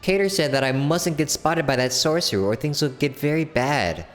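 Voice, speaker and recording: A man's voice: a little high, expressive, long reverb tail, faint music behind, natural voice. Man voicing a naive little girl. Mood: earnest. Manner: soft, slow and innocent. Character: sweet little prison girl, dreamy and naive. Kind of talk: fan voice-over of a game.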